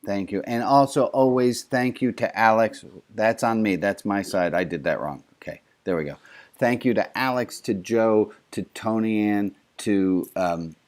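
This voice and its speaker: A man's voice: on the low side, unhurried. Rabbi, male, loose jokey group leader with frequent restarts, heard over a video call. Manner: warm, joking, stumbling restarts. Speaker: rabbi leading an online service. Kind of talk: casual, interactive service talk.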